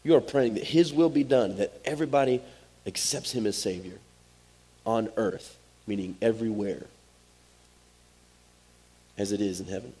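A man's voice: on the low side, normal speed, pauses often, mellow, slightly rough. A man, preaching a sermon as pastor in a direct, conversational way. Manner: direct, conversational, Southern-tinged "y'all" asides.

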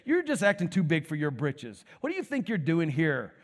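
A man's voice: a little high, wildly swooping pitch, normal speed, in a large hall. A man preaching voices a scornful older brother, scolding and belittling.

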